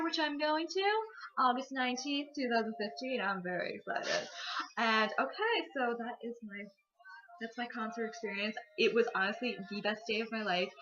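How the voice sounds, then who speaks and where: A woman's voice: medium pitch, a bit bright, highs cut off. A teenage girl telling a casual vlog story about her concert, gushing and full of fillers. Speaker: vlogger.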